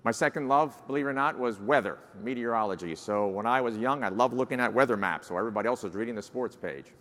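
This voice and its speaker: A man's voice: medium pitch, fast talker, fairly bright tone. A man in his sixties with a New York accent gives a folksy, self-deprecating keynote address as incoming society president, with plenty of uh fillers. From New Jersey, United States. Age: 60s. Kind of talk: conference keynote speech. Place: large conference hall. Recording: large hall with long reverb.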